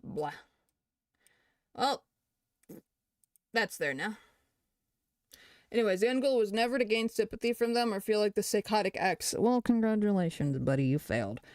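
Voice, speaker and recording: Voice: mid-range voice, animated, moderate pace, pauses often, darkish tone, no room sound, clean studio sound. Young adult with a rambling, profane delivery. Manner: rambling and profane, reading posts aloud and reacting. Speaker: creator responding to allegations. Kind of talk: casual commentary.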